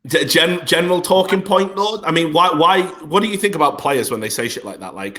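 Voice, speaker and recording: A young man co-hosting a casual podcast with a bright, forceful voice. His pitch swings widely as he rants in animated bursts and swears freely. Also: brisk. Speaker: podcast co-host.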